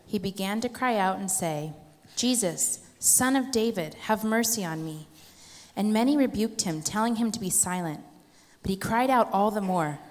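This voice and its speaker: Woman reading scripture in a church hall. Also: mid-range voice. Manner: steady, measured reading. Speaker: scripture reader. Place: church sanctuary. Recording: long church hall reverb.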